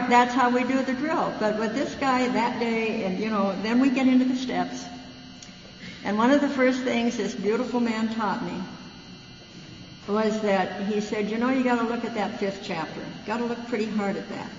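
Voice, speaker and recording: A woman's voice: a little high, normal speed. American woman, guest speaker at a recovery meeting, folksy and frank, dull lo-fi hall recording with hum. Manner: folksy storytelling, frank and plainspoken. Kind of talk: personal recovery talk.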